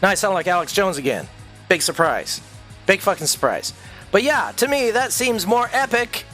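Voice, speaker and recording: A man's voice: high-pitched, lively intonation, normal speed, bright, forceful tone, soft background music. A man streaming a profane, intense, rambling monologue full of swearing. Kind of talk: ranting livestream monologue.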